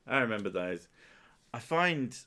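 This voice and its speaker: A man's voice: medium pitch, sing-song, unhurried, bright, forceful tone. A man hosting a livestream, chatting casually, with crude, self-mocking jokes. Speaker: streamer and host.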